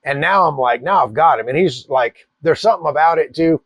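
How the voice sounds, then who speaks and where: A man, telling a wild personal story in a profane, animated way. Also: a little high, a little fast, creaky, dry recording. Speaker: cigar channel host. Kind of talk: casual storytelling.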